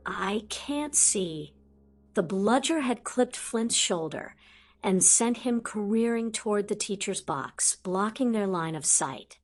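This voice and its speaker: A woman reading a fantasy audiobook aloud in a lively storytelling manner. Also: mid-range voice, measured pace. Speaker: audiobook narrator. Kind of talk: scripted audiobook narration.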